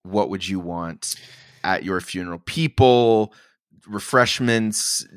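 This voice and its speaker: A man's voice: deep voice, slow pace, smooth, no echo, clean studio sound. A man hosting a podcast, asking questions in a playful, easygoing way. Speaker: podcast host. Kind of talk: casual podcast interview.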